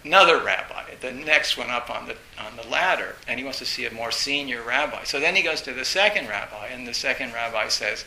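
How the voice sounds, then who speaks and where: A man giving an informal dharma talk as a Zen teacher. He speaks haltingly and grows more animated as he retells a story. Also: medium pitch. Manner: halting, storytelling, recounts a film with rising animation. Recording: roomy echo with faint hiss.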